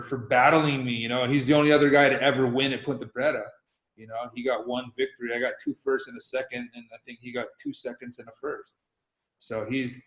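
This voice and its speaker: Animated man telling a story, roomy sound. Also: mid-range voice. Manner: animated, acts out his own past reactions. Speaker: podcast guest, professional windsurfer. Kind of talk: casual storytelling interview. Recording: roomy echo.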